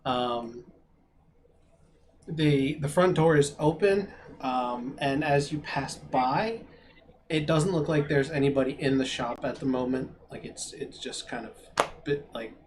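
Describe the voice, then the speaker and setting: A man narrating a tabletop game as game master, rambling with many pauses. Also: mid-range voice, noisy background. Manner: rambling, filler-heavy narration.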